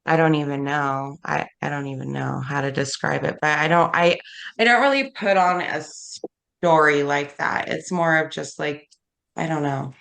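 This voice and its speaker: A woman interviewed in a casual chat, talking in a relaxed, rambling way with many restarts. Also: low-pitched, moderate pace, vocal fry. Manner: relaxed, rambling, laughs often. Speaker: interview guest, content creator.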